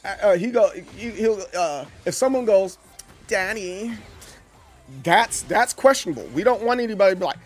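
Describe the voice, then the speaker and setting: A man's voice: high-pitched, a little fast, hardly any pauses, faint music behind. A man, chatting casually with his stream audience. He talks animatedly, stumbling over restarts. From Southern US. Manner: animated, stumbling restarts, acts out quoted voices. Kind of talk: casual live-stream chat with chat.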